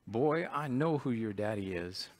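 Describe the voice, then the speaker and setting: Man doing a big loud country preacher, booming, slow. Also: lively intonation. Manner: booming, commanding.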